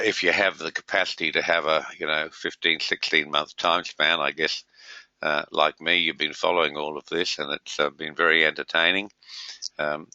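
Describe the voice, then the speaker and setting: A deep-voiced Australian man with a gravelly edge hosts a trading webinar, chatting casually and padding his speech with filler words. His tone is sharp and forceful. The sound is dull, lo-fi and dry. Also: no room sound. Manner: rambling, many filler words. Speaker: webinar host, trader.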